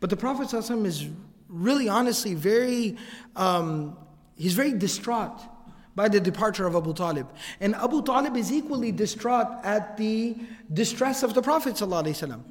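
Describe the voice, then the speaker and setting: A man's voice: high voice, lively intonation, quick pace. A man telling a religious story as a lecture, acting out the quoted speech and dropping in Arabic phrases. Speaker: Islamic lecturer. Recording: long hall reverb.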